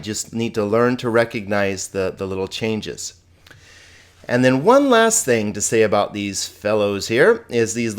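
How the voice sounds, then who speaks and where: A man teaching a recorded lesson, patient and slow to explain, who often puts questions to the listener. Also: mid-range voice. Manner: patient, explains slowly, asks the viewer questions. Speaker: Greek teacher.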